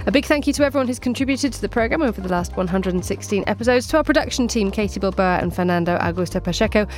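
A woman's voice: mid-range voice, rapid-fire. A woman hosting a radio review show, with a wry, teasing manner.

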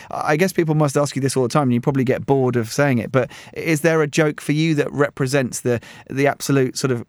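A man's voice: medium pitch, dry recording. Male radio host, dry studio. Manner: hesitant, many fillers and restarts. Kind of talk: radio interview and presenting. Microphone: studio mic.

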